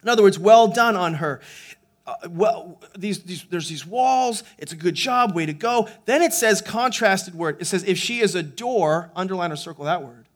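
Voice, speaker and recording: A man's voice: high-pitched, animated, normal speed. A man preaching a sermon as pastor, in a conversational way that builds to emphatic, with frequent restarts and repeated words.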